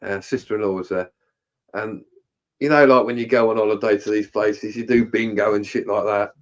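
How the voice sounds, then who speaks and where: A man's voice: lowish voice, fairly even intonation, fairly quick, lo-fi sound. A man in casual chat, telling rowdy stories with plenty of swearing and laughter.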